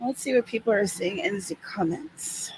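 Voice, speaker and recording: A woman's voice: mid-range voice, normal speed, darkish tone, a little hiss or hum, rough recording. A woman hosting a writing livestream, chatting casually and reading comments aloud with small asides. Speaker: host.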